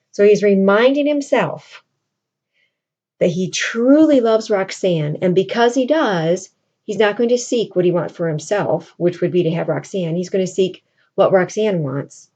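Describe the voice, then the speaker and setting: A woman's voice: mid-range voice, unhurried, mellow, highs cut off. A woman teaching literature, retelling a classic play to her class in a casual, chatty way full of "like" and "you know".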